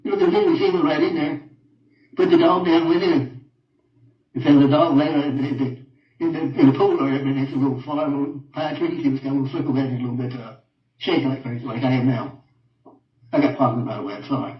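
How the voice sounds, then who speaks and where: An older man giving a halting personal account in an interview, repeating himself and often trailing off quietly. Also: mid-range voice, steady tone. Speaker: interviewed father. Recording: roomy, distant, dull audio.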